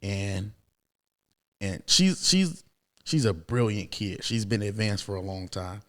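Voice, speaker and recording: A man in his thirties, a podcast guest, telling a personal story in a casual, animated way. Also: on the low side, slow. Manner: animated, acts out quoted voices, many fillers.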